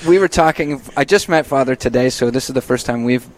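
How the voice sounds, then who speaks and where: Friendly radio priest host. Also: male voice, mid-range voice, brisk. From Minnesota. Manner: friendly, with frequent ums and restarts. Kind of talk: casual radio chat. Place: radio studio.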